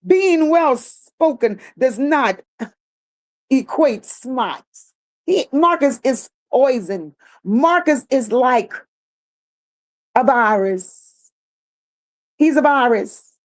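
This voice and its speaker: A woman's voice: high voice, lively intonation, drawn-out words, long pauses. A woman hosting a livestream, reading viewer comments aloud and answering them bluntly, with sassy repeated phrases. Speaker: livestream host.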